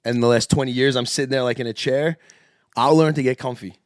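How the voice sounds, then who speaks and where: A young man in his twenties trades loose, casual banter as a podcast co-host. He is animated, swears freely and laughs often. His voice sits at a medium pitch and sounds close and dry, with no room around it. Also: quick pace, no echo.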